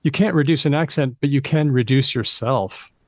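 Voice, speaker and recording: A man hosts a casual podcast conversation, leaning into his points with playful emphasis. His voice sits at a middle pitch. The sound is close and dry. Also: moderate pace, no room sound. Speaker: podcast host.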